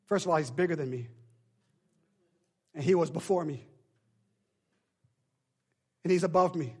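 A man preaching a sermon as pastor, swinging between shouted pleas and hushed, drawn-out lines with a call-and-response cadence. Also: high-pitched. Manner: shifts between shouting and hushed near-whispers.

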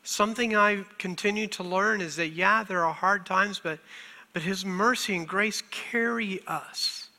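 This middle-aged pastor delivers his sermon close to tears, frequently laughing through them with a self-deprecating, emotional tone. His high, sharp voice moves unhurriedly, echoing with the long reverb of a church sanctuary.

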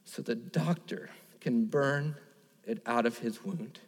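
A pastor in his thirties preaches an earnest sermon, his voice sitting in an ordinary middle pitch for a man. He tells a personal story and then builds to urgent, repeated phrases. The sound carries the long reverb of a large hall. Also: takes it slowly, husky. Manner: earnest, storytelling with rising emphatic repetitions.

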